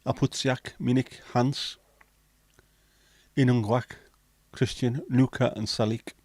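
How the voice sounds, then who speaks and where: A man's voice: mid-range voice, fairly even intonation, slow, a little mellow, no room sound. A man hosting a casual livestream, chatting, swearing freely and reading viewer comments aloud. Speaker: livestream host.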